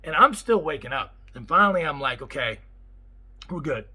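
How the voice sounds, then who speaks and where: A man, a property manager, telling a story in a casual vlog and acting out the quotes in an excitable way. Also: on the high side, normal speed, breathy edge, poor audio. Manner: animated, excitable retelling with acted-out quotes.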